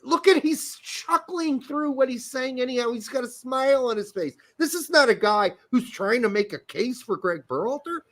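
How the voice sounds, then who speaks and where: A man's voice: very high voice, lively intonation, normal speed, few pauses, a bit bright. A man hosting a casual soccer podcast. He talks emphatically, repeats his points and swears freely. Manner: emphatic, repetitive, profane. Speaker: podcast host. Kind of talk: casual soccer commentary chat.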